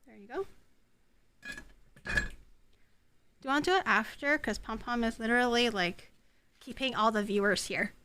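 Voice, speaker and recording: A woman's voice: on the high side, moderate pace, pauses often, background noise. A woman streaming herself cooking at home, chatting casually, self-mocking and swearing. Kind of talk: casual cooking livestream chat.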